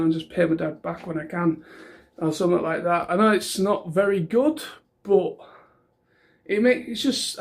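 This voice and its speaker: Man, high-pitched, casual vlog chat, rambling, fillers and restarts. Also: a little mellow. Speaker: vlogger.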